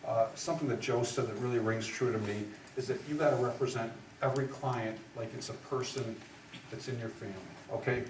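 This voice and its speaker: A man's voice: mid-range voice, steady tone, a little fast. Man lecturing in an echoey room. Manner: conversational, emphatic, tag questions like right and okay. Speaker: trial advocacy instructor. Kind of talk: live lecture to lawyers. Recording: echoey room, far from mic, faint room noise.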